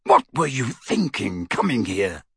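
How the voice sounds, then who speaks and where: A gruff old barman with a husky, raised voice that swings widely in pitch, bellowing defiance, as a man reads him aloud. He is blunt and scornful in a storybook reading, close and dry on the mic. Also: huge pitch swings, measured pace, dry recording, exaggerated voice. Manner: shouting, blunt and sarcastic. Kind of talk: audiobook character reading.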